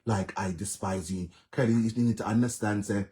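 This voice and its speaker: Earnest Jamaican man, low voice, pleading. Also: fairly even intonation, normal speed, dark tone. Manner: earnest, pleading, heavy repetition. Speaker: live streamer. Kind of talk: casual live-stream monologue.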